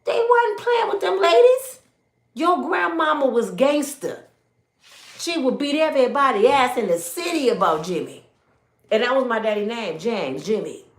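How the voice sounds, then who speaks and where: A middle-aged woman, hosting an animated commentary and talking emphatically as she acts out the people in her stories. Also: high-pitched, moderate pace. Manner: emphatic, preachy, acts out quoted voices. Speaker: commentary channel host. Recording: echoey room.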